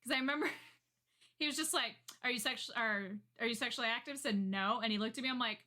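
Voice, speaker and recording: A woman co-hosting a podcast, telling stories in casual chat with an animated manner and frequent laughter. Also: a little high, quick pace. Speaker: podcast co-host.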